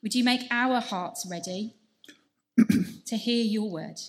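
Woman service leader, a touch high-pitched, earnest and measured reading scripture and prayer.

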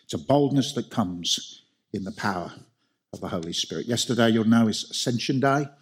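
Male preacher, slightly husky tone, emphatic sermon delivery with rhetorical questions. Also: lowish voice, animated, normal speed.

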